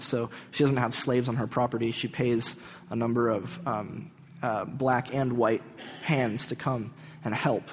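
A man's voice: mid-range voice, husky. A man preaching a sermon, retelling a story in an earnest, dramatic storytelling manner. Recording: hall reverb.

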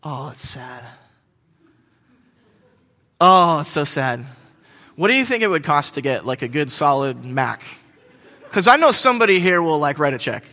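A man's voice: fairly high pitch, sing-song, moderate pace, long pauses, sharp tone. A man in his thirties preaching a sermon in a church hall, telling jokes and stories, with many fillers and restarts. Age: 30s. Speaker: pastor. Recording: long hall reverb.

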